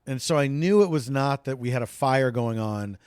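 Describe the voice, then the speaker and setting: A man's voice: mid-range voice, expressive, normal speed, darkish tone, smooth, no room sound. A man co-hosting a podcast at home, trading wry, dry asides in casual chat. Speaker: podcast co-host. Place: home, indoors.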